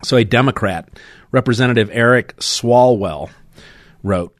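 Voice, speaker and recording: A man hosting a political talk radio show, brisk and opinionated, taking calls and reading the news. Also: on the low side, no room sound, clean studio sound. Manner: brisk, opinionated, laughs often. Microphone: studio mic.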